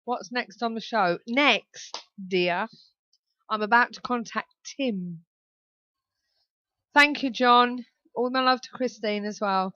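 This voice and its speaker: Bright chatty lady hosting a radio show, dry dull-sounding recording. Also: on the high side, slow pace, long pauses, dry recording. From southern England. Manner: chatty, laughs often. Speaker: radio talk show host. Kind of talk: casual radio chat.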